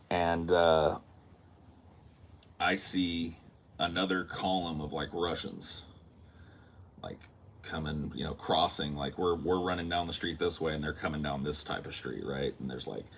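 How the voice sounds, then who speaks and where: Podcast host, male, very deep voice, animated casual storyteller who swears. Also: a little hiss or hum. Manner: animated, acts out quotes, swears freely.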